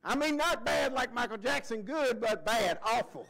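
A male pastor preaching a folksy, excitable sermon, often breaking into shouted cheers. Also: very high-pitched, moderate pace, vocal fry, a crowd in the background, low-quality recording.

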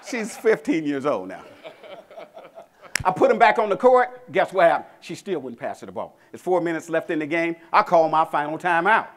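A middle-aged man gives a motivational keynote to a convention crowd. He tells stories and acts out the quotes in them. His voice sits high and swings wildly up and down as he builds toward each punchline. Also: normal speed. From Mississippi, USA. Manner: animated storytelling, acting out quotes, rallying the crowd. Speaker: motivational speaker. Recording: convention hall.

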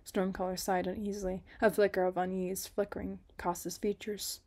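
A woman reading a romance story aloud in a soft, dramatic way. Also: medium pitch, level tone, a little fast, few pauses. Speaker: story reader.

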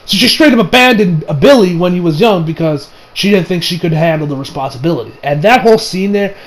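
This casual movie review comes from a young man whose voice is notably high and whose pace is quick. His talk wanders loosely, he swears without restraint, his excitement bubbles up, and quoted lines come out in squeaky imitation voices.

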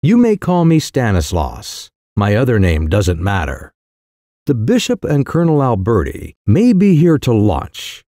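A man's voice: mid-range voice, measured pace, dry recording, studio quality. A man doing a sly, coolly careless young schemer. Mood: cool, mock-grave. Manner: calm, careless, mock-serious. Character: sly young man, cool mischief-maker posing as secretary.

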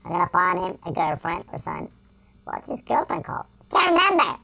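A performer voicing a mischievous male cartoon chipmunk in sped-up, pitched-up game commentary, goofy and rambling with giggles and silly made-up words. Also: big pitch swings, brisk, creaky, sharp tone, exaggerated voice. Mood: goofy mischief. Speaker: gameplay commentator in character. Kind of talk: playful in-character gameplay commentary. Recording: game music underneath. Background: background music.

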